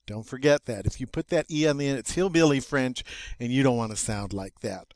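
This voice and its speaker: A man's voice: mid-range voice, brisk, no room sound. A man teaching a recorded vocabulary lesson in a chatty, self-amused way, spelling out pronunciation for students. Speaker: French teacher.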